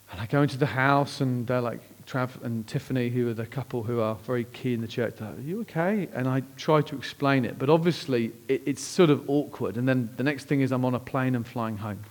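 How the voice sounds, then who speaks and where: Telling a story from his own life during a sermon, a male pastor is lively and animated, voicing the people he quotes with sharp pitch leaps. At the emotional moments he slows down to a hush, then bursts out again with excitement.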